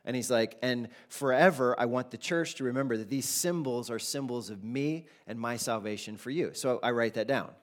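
A man preaching a sermon as pastor, in a conversational, animated way with casual asides. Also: medium pitch, normal speed, few pauses.

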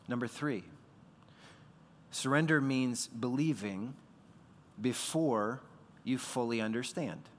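Male pastor, mid-pitched, chatty preaching style that slips into quoted voices, long hall reverb. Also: fairly bright tone. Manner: conversational, acts out quoted voices. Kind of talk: sermon.

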